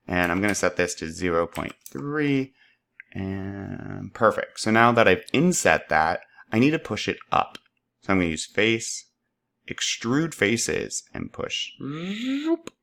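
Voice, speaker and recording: A man walking through a software tutorial, upbeat and playful, making little sound effects as he works. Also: fairly low pitch, creaky. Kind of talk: screen-recorded tutorial.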